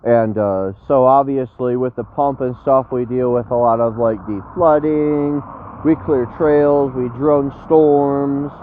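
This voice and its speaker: A man's voice: mid-range voice, fairly even intonation, takes it slowly. A man chatting casually on a live stream, brash and slangy, swearing freely. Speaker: storm chaser streaming live. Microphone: phone. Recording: tinny phone-like audio with faint noise.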